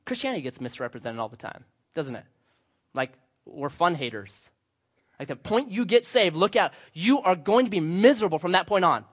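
Young man, pastor, high bright delivery, storytelling sermon, slightly muffled lo-fi audio. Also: big pitch swings, normal speed, breathy edge. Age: young adult. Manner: storytelling, acting out voices with humor. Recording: slightly dull lo-fi sound.

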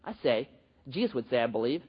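Husky guy preaching, bouncy high voice, long hall echo, kinda muffled. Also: brisk. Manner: animated, joking, conversational preaching with many restarts. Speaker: pastor. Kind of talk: sermon. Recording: dull, reverberant hall recording.

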